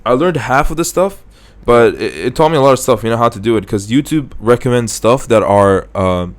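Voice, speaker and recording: A man's voice: medium pitch, brisk. A young man hosting a podcast, chatting casually and telling rambling stories with frequent restarts. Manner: relaxed, rambling storytelling with restarts. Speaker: podcast host. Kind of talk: casual chat.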